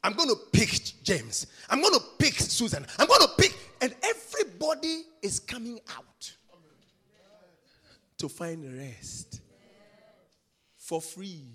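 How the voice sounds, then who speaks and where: High-pitched, emphatic male preacher. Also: huge pitch swings, slow, pauses often, husky, in a large hall. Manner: emphatic, repeats phrases, swings from shouts to hushed whispers. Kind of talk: sermon.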